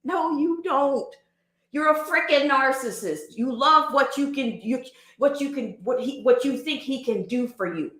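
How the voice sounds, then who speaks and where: A woman hosting a casual livestream rants emphatically, firing off rhetorical questions. Her voice sits high and is a bit bright, her pace measured, and the sound is roomy.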